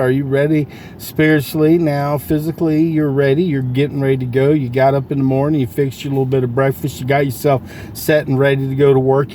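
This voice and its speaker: A man's voice: medium pitch, warm tone, a little hiss or hum. A man giving a casual, folksy motivational talk about selling from inside his parked car, asking his listeners question after question. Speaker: sales coach vlogger.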